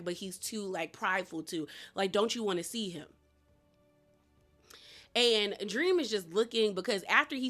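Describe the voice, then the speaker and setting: A woman reviewing a TV show, chatting through a casual recap in a slangy manner with quick asides. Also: medium pitch, a bit bright.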